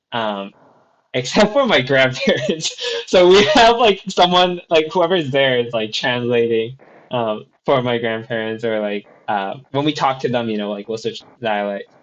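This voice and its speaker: A man's voice: medium pitch, a bit bright. Rambling man on a lo-fi podcast. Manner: rambling, many fillers and restarts. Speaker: podcast co-host. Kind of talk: casual chat. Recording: dull lo-fi audio.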